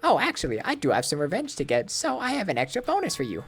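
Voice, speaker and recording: A man's voice: high-pitched, wildly swooping pitch, fast talker, vocal fry, fairly bright tone, husky, faint music behind, pitched above the performer's own voice, exaggerated voice. A man voicing a gleeful, mischievous male robot bear in a sing-song, gossipy way while reading game dialogue. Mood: teasing. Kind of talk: amateur game voice-over.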